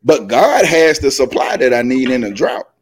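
A man's voice: medium pitch, very animated, moderate pace, breathy edge. A man co-hosting a faith podcast, sermonizing in a casual, folksy way with slang. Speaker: podcast co-host. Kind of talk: faith-based podcast talk.

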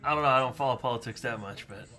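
A man's voice: medium pitch, very fast, bright, forceful tone. A man hosting a casual podcast chat, teasing and asking provocative questions with lots of laughter.

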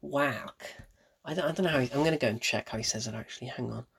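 A man's voice: mid-range voice, very fast, vocal fry, fairly bright tone, breathy edge. A man giving a casual, opinionated film review, blunt and emphatic, repeating his points for effect.

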